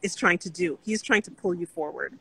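Woman podcast host, bright forceful voice, earnest and encouraging, casual chat. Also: on the low side, brisk, breathy edge, low-quality recording. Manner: earnest, encouraging, faith-centred, with restarts.

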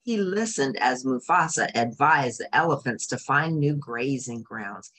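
Woman reading a kids storybook, low voice, really lively and expressive. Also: unhurried.

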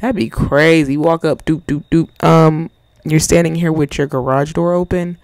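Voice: mid-range voice, lively intonation, moderate pace, darkish tone, no echo. A person giving casual, playful commentary while playing a video game, cracking jokes and talking back to the characters in slang. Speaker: gaming channel host.

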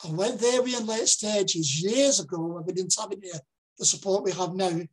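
Older Lancashire man, husky and a little breathy, earnest public speaker who repeats key lines for emphasis. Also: high-pitched, moderate pace, rough recording. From Lancashire, England. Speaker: dementia campaigner giving a talk. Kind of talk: public presentation.

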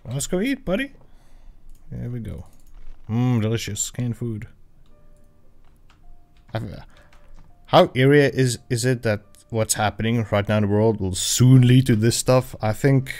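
A man's voice: medium pitch, lively intonation, moderate pace, a little mellow. A man chatting casually while livestreaming a survival game, rambling with lots of fillers and self-corrections. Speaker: livestreaming gamer. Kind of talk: casual gameplay livestream chat. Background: royalty-free background music.

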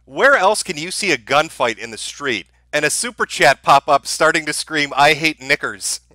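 A man's voice: on the high side, animated, moderate pace, bright, forceful tone, dry recording. A man giving mocking commentary over a video clip, sarcastic and laughing at the footage. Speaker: online commentator.

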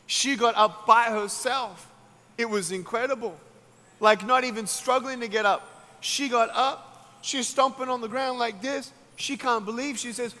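A man with an Australian accent, preaching a sermon as an evangelist and telling a story, acting out each person's words and building to loud climaxes. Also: extremely high pitch, unhurried. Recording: long hall reverb.

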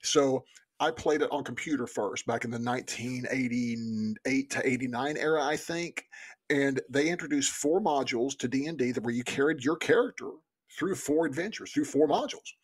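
A man in his forties co-hosting a book podcast, talking in an animated, rambling way. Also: mid-range voice, normal speed, slightly rough. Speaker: podcast co-host.

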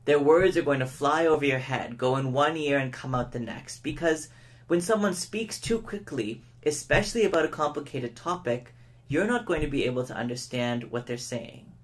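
A man giving a public speaking lesson, who shows each point by speeding up, slowing down and shifting his tone of voice. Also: mid-range voice. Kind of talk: educational lesson to camera.

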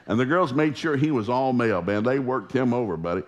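A man preaching in a church, telling family stories in a folksy, animated way with acted-out quotes. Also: mid-range voice, fast talker. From Oklahoma. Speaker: pastor. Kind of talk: storytelling sermon.

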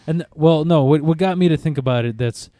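A man chats casually as a podcast host, his voice mellow and dark. He rambles and stops to restart his sentences often. The sound is dry and close, with no room in it. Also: on the high side, dry recording. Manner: rambling, halting, with many restarts. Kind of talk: casual chat.

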